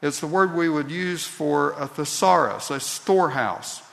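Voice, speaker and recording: A pastor delivering a sermon at an unhurried, deliberate pace, his fairly high voice rising to emphatic peaks. The sound carries the long reverb of a large sanctuary. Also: gravelly, a bit bright. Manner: slow deliberate preaching that builds to emphatic peaks.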